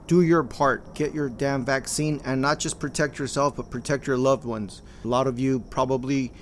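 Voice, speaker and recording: A man's voice: mid-range voice, steady tone, normal speed, a little hiss or hum. An older man hosting a podcast, talking casually in a blunt, profane way and mixing in Spanish slang. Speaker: podcast host. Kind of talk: casual monologue.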